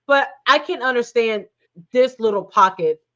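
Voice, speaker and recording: Woman, podcast guest, higher voice, blunt, swears a lot, casual chat, slightly muffled lo-fi sound. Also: normal speed, fairly bright tone. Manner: blunt and outspoken, swears freely. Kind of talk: casual chat about a reality show.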